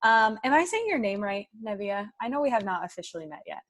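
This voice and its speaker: Peppy lady teacher on a video call, reading the chat out loud, chatty. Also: medium pitch, sing-song, quick pace. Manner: upbeat, chatty, reads chat aloud. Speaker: high school math teacher. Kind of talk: online class warm-up chat.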